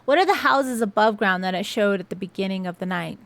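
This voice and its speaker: A woman's voice: medium pitch, lively intonation, fairly quick, vocal fry, fairly bright tone, no room sound. A young woman chattily recapping a film's plot with sarcastic asides, as a movie reviewer. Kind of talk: casual spoken film recap.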